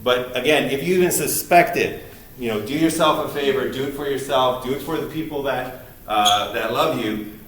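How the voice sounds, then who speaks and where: A man's voice: mid-range voice, a bit bright. A man giving a recorded university lecture, speaking earnestly and emphatically with frequent restarts. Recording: distant mic in an echoey room.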